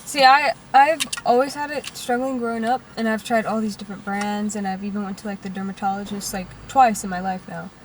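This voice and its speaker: A woman's voice: medium pitch, steady tone, brisk, hardly any pauses, recorded from a distance, slight background noise, poor audio. A young woman co-hosting a podcast in a car, talking casually with fillers and a bit of swearing. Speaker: podcast co-host. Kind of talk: casual chat. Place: inside a car.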